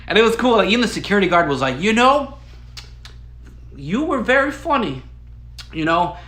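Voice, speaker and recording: Excitable rambling man in an echoey room. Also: high-pitched, moderate pace. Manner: rambling, excitable, stumbles and restarts. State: coughing now and then. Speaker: storyteller. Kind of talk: casual storytelling monologue.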